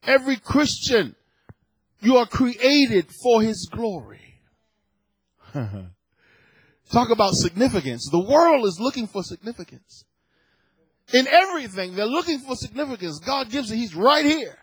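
A man preaching a sermon, moving from a hushed prayer and scripture reading to fervent, shouted declarations. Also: very high-pitched, very animated, a little slow, pauses often, husky, dry recording, poor audio. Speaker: pastor.

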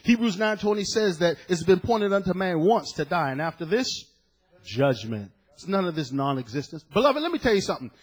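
A man preaching a sermon as pastor, passionate and dramatic, dropping low and then rising to shouts before his congregation. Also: big pitch swings, a little fast, breathy edge. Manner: impassioned preaching, swinging from hushed to shouting. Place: church.

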